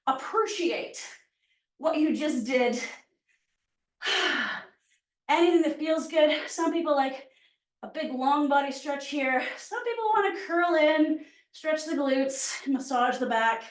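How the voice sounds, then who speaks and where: A woman's voice: high-pitched, animated, unhurried. A woman fitness instructor leading a workout class, cueing moves and counting down reps while out of breath. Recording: echoey room, voice from far off mic.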